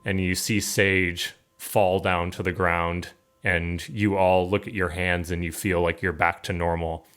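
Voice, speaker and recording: A man narrating a tabletop game as game master, calm and descriptive. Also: low voice, a little slow, clean tone.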